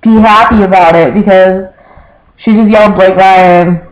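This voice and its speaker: High-voiced young man rambling to camera. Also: fairly even intonation, normal speed, lo-fi sound. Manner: rambling, filler-heavy, quotes family members. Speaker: vlogger. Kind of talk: casual personal storytelling.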